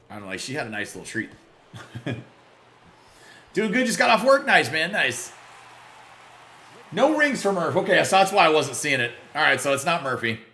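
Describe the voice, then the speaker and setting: A man hosting a casual live game stream, greeting viewers by name and reacting loudly to big plays. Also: medium pitch, roomy sound, slight background noise. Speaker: livestream gamer.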